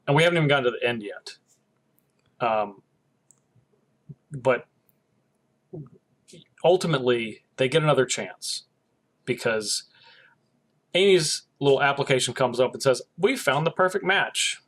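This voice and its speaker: A man's voice: mid-range voice, normal speed, long pauses. Man retelling a story with acted-out quotes. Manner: animated storytelling, acting out quoted lines. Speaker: podcast co-host. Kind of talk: casual chat.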